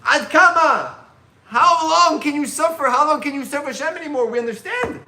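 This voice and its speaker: A man voicing a group of anguished male disciples, shouting and pleading with their teacher. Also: very high voice, expressive, normal speed, reverberant, voice pushed up, heavily acted.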